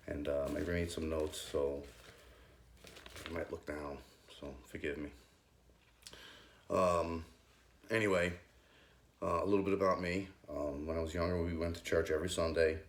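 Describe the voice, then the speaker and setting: A man, a youth group leader, giving a halting, nervous personal faith testimony full of ums. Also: very deep voice, level tone, echoey room. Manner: hesitant, halting, many ums.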